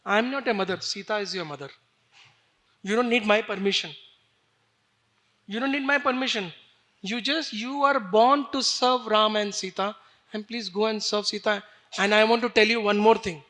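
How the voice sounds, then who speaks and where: A man voicing a devoted royal mother who speaks slowly and earnestly. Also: high voice, pushed and bright. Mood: tender.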